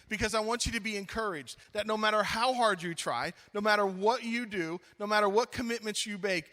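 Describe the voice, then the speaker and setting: A middle-aged man preaching at a youth conference, telling a funny story with lively acted-out dialogue, then slowing into earnest appeals. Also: sits high, long reverb tail. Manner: animated, acts out his own story, then slows to earnest appeals. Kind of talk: storytelling sermon.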